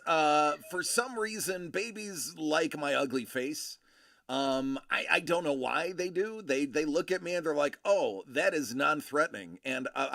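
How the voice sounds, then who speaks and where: A man hosting a casual collectibles live stream rambles and jokes while reading comments, frequently stopping and restarting himself. His voice is on the high side, fairly bright, with vocal fry, in a dry, clean studio recording.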